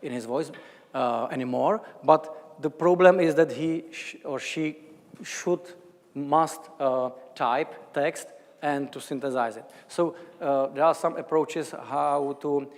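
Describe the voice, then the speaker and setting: A man answering audience questions after a lecture, halting and thinking aloud with many restarts. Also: a little high. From Czech Republic. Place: large lecture hall. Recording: lecture hall with long reverb.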